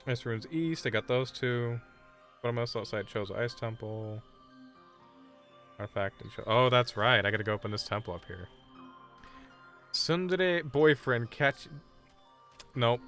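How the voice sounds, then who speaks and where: A man's voice: mid-range voice, measured pace, pauses often, a bit bright, soft background music. A man streaming a game live, chatting casually and bluntly brushing off requests from chat. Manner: blunt, dismissive banter with chat.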